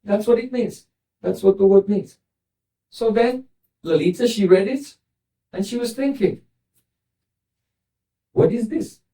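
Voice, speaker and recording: A man teaching as a spiritual teacher, gently retelling and explaining a scripture story. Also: sits high, measured pace, long pauses. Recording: voice distant from the mic.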